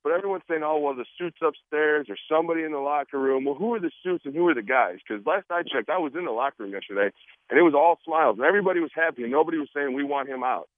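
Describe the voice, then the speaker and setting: A man's voice: on the high side, racing, no echo. A man, a football player, joking and acting out quotes in a casual radio interview. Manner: animated, joking, acts out quotes. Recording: tinny phone line.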